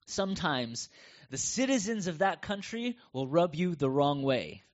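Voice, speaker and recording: A man's voice: on the high side, big pitch swings, measured pace. A middle-aged man with a North American accent, preaching a conversational sermon and telling stories with animation. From United States. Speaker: pastor. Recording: dull lo-fi sound.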